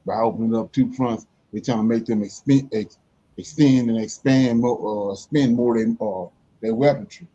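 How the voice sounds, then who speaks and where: A man's voice: mid-range voice, steady tone, normal speed, mellow, husky, lo-fi sound. A man making emphatic, informal points in a casual group discussion of Bible study. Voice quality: informal, emphatic, vernacular speech.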